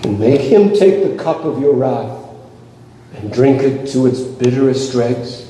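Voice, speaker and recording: A man preaches in a slow, deliberate and impassioned way, leaning on each phrase. His voice sits fairly high but sounds mellow and dark. It carries through a big echoing hall with a long reverb, picked up from far away. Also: lively intonation, slight background noise. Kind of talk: sermon.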